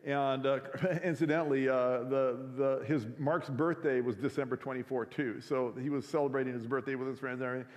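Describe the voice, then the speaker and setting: A man tells a story to students in a relaxed, chatty way, full of fillers. His pitch sits at an average level. A long hall reverb surrounds his voice. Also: fairly quick, few pauses. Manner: casual, conversational, many fillers. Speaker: week of prayer speaker. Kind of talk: sermon storytelling. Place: school chapel or auditorium. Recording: echoey hall.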